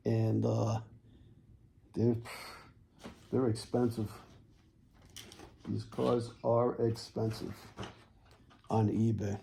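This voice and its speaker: A man selling toy cars in a casual video, with folksy sales patter, repeated words and frequent throat clearing. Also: on the low side, flat delivery, very slow, long pauses, warm tone, a little hiss or hum. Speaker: toy car seller.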